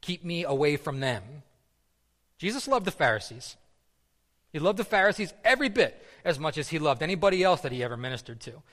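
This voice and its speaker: This man's sermon is loose and conversational, peppered with fillers and repeated words. He speaks quickly in a fairly high, fairly bright voice that is very animated, and the sound rings with the long reverb of a hall.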